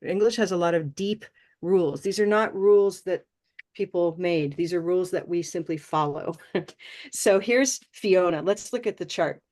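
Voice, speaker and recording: A woman teaching English pronunciation in a class, encouraging and modeling sounds slowly and repeating them. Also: fairly low pitch, a little mellow. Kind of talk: online class instruction.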